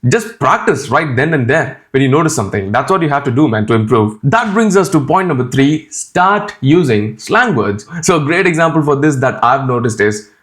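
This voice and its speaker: A man's voice: mid-range voice, expressive, normal speed, few pauses, fairly bright tone. A man with an Indian accent whose first language is Tamil, giving a casual spoken tutorial as a YouTuber in a chatty, direct way, often adding "man" and "right?".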